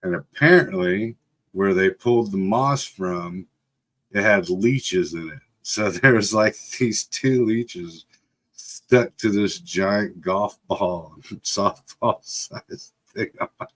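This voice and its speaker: Middle-aged male host, slightly low voice, rambling casual storyteller. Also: slow pace, fairly bright tone. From Texas. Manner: laid-back, rambling, laughs often, lots of fillers. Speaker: livestream host.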